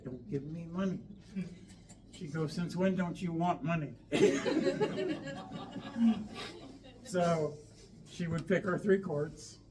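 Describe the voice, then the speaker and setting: A man giving a eulogy for his mother at a memorial, speaking with heartfelt, reflective warmth and gentle humor while telling family stories. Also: mid-range voice. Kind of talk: memorial speech and storytelling. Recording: distant mic in a hall with faint background noise.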